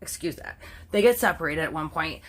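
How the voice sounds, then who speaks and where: A woman's voice: deep voice, a little fast. A Canadian woman telling a true crime story to her viewers in a casual, chatty way, full of "like" and swear words she stops herself from saying. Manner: chatty, animated, heavy use of "like", self-censoring swears.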